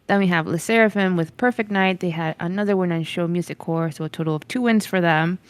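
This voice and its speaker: A woman's voice: lowish voice, fast, clear, resonant tone, dry recording. A woman co-hosting a podcast, reading news items in casual chat and giving brief reactions. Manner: brief, warm reactions, laughs often. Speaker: podcast co-host.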